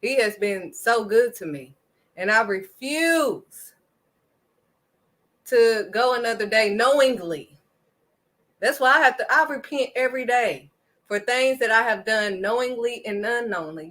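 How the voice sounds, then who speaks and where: Woman, faith vlogger, forceful bright tone, slightly high, preachy and emphatic. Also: lively intonation, measured pace. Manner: emphatic, preachy, punctuates points with "period". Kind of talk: impassioned faith talk.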